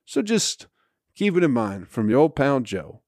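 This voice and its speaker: A man's voice: mid-range voice, unhurried, no echo, studio quality. Profane man ranting on a podcast. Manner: swearing, animated storytelling with laughs. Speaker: podcast host. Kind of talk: profane comedic rant.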